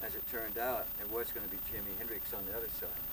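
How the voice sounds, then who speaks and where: A man in his seventies, a muralist, telling stories in an interview in a lively way and acting out the people in them. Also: fairly low pitch, fast talker, background noise. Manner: lively storyteller, acts out voices. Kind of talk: storytelling interview.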